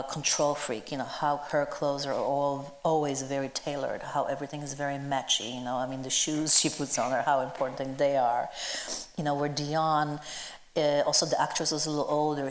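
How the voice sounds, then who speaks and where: A woman's voice: extremely low pitch, slight background noise. A woman being interviewed about her work as a costume designer before a live audience, talking in an enthusiastic, chatty way with lots of fillers. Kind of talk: onstage conversation before an audience. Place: event hall with a live audience. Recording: roomy hall echo.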